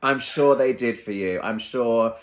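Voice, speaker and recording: A man's voice: medium pitch, a little slow. A man in his thirties hosting a casual chat, teasing and reminiscing with his guest. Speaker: host.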